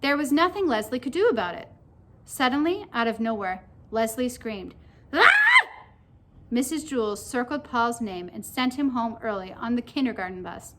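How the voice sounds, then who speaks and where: A woman narrating a children's story aloud with expressive storytelling. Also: a little high, moderate pace, background noise.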